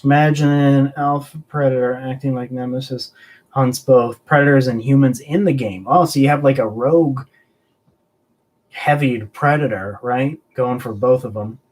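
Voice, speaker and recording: A collectibles live stream host with a darkish, mid-range voice chats at a normal pace. He kids around and rambles as he responds to viewers' comments.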